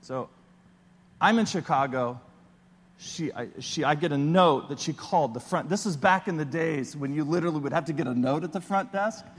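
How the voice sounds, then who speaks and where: A man preaching a sermon as a pastor, telling a personal story in an animated way and acting out his own panicked voice. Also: fairly high pitch, moderate pace, slightly rough, in a large hall.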